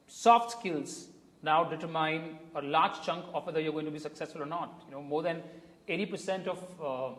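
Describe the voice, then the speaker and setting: A man's voice: on the high side, a bit bright. Indian man coaching in an echoey room. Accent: Indian English. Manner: emphatic, illustrates with spoken examples. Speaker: communication coach. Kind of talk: interview answers, explanatory. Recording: echoey room with long reverb.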